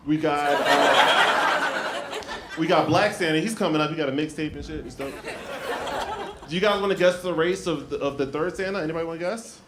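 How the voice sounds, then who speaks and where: A man doing a stand-up comedy set on a club stage, handheld mic, with shouted punchlines. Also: a little high, moderate pace, long pauses, background noise. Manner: animated, loud shouted punchlines and put-on voices for others.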